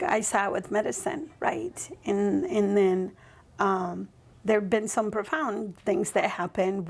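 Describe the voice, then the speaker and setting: A woman's voice: medium pitch, darkish tone, husky. A woman guest on a podcast telling a personal story in a reflective, rambling way, often checking in with "right?". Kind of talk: casual interview storytelling.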